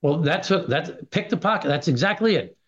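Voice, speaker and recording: A middle-aged man, a congressman guest on a radio interview, arguing in a forceful, emphatic way. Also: fairly high pitch, lively intonation, a little fast, slightly rough. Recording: dull lo-fi radio sound.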